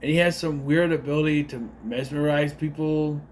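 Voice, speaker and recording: A man rambles through a casual spoken movie review, full of unsure asides and self-corrections. His voice sits on the high side, with a steady tone and moderate pace, over slight background noise.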